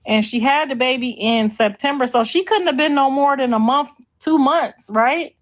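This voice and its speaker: A woman's voice: high-pitched, moderate pace. A middle-aged woman hosting a casual gossip livestream, blunt, sassy and freely profane. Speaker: host.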